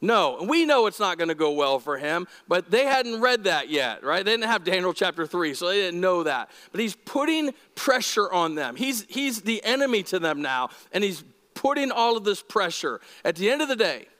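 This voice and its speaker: High-voiced male pastor in an echoey hall. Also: moderate pace, hardly any pauses. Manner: conversational, animated, asks the congregation questions. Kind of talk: sermon. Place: church.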